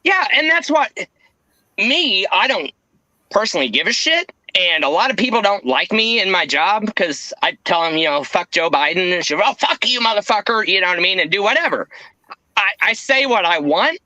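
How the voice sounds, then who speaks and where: A man's voice: high-pitched, sing-song, normal speed, sharp tone, no room sound, low-quality recording. A man in a casual podcast chat, ranting with constant swearing and mocking impressions.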